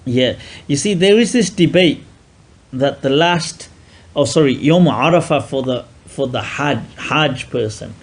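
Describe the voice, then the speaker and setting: Male teacher, casual and jokey lecturer, middle pitch, acts out asides. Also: lively intonation, unhurried. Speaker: teacher explaining a classical text.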